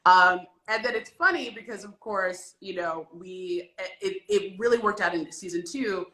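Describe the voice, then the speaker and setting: A woman's voice: mid-range voice, unhurried, sharp tone, echoey room, rough recording. A woman who created the show, interviewing an actress, thoughtful and restarting her sentences as she goes. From United States. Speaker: showrunner, interviewer. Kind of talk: interview conversation.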